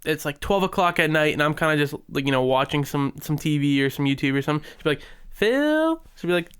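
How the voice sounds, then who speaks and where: A man's voice: a little high, level tone, quick pace, fairly bright tone, smooth. A young man co-hosting a podcast, telling long rambling stories full of fillers and acted-out quotes. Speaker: podcast co-host. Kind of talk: casual chat.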